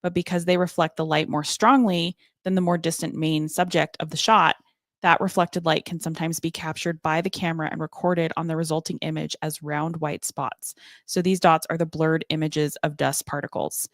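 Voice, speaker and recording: Woman, lowish voice, reads notes with ums, dry close sound, podcast co-host. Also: flat delivery, moderate pace, dry recording. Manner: reads out research with fillers and hesitations. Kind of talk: reading researched notes in casual chat. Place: home studio.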